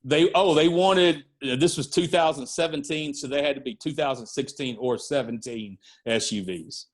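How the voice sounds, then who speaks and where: A middle-aged man, a music and wrestling promoter, telling anecdotes in a casual podcast interview, lively and full of fillers. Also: medium pitch, normal speed. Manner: animated anecdote-telling with fillers and acted-out quotes.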